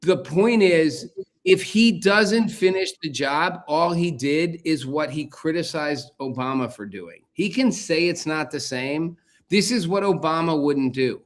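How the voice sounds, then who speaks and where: A man's voice: a little high, expressive, unhurried. A man hosting a political talk show, arguing his point emphatically and repeating key phrases for force. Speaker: show host.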